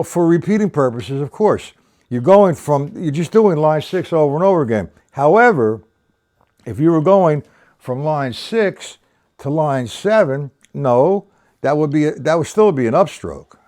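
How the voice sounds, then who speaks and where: A man's voice: a little high, darkish tone. Older male drum teacher, opinionated, rambling, counts time aloud. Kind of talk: live-streamed drum lesson.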